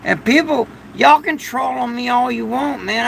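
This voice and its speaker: An older man with a gravelly voice, rambling through a casual livestream from a shed during a storm, now and then loudly thanking his viewers. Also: very high voice, a little slow, slight background noise, rough recording. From United States. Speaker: livestream host.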